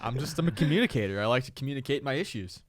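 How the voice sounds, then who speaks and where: A man's voice: medium pitch, expressive, fast, no room sound. A young man with a mid-range voice co-hosts a casual podcast, joking at his own expense. His voice sounds close and dry, with almost no room around it. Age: young adult. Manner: joking, self-deprecating. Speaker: podcast host. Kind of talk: casual chat.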